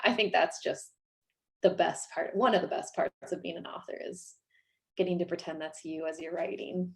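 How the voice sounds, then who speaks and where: Author woman with a lowish voice. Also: vocal fry, a little mellow. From Iowa, US. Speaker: author guest. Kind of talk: casual interview chat.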